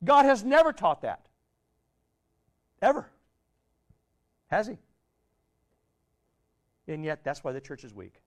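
Man, pastor, very high-pitched, sermon, questions to the congregation, soft trailing phrase endings. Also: big pitch swings, takes it slowly, pauses often. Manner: asks the congregation many questions, conversational preaching; drops voice low and quiet at ends of phrases.

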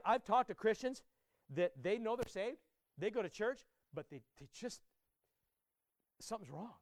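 A man preaching a sermon to his congregation, emphatic and direct, often repeating his words and rising to loud climaxes. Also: high-pitched, no echo. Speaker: pastor.

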